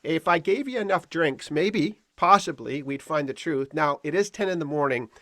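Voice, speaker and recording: A man's voice: fairly high pitch, animated, normal speed, a bit bright, no room sound, clean studio sound. A man hosting a podcast, introducing his guest in a playful, teasing way. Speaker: podcast host. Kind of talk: conversational interview.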